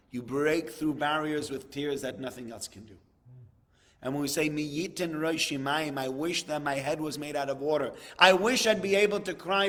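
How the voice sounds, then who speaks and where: A man's voice: medium pitch, a bit bright. Impassioned man telling a teaching story. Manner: storytelling, rising to impassioned emphasis. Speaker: rabbi giving a talk. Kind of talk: sermon.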